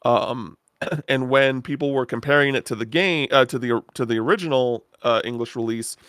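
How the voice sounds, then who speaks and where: A man co-hosting a video game podcast, talking in a relaxed, hesitant way with many "uh"s and "um"s. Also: medium pitch, moderate pace, no room sound, studio quality. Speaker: podcast co-host. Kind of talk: casual chat.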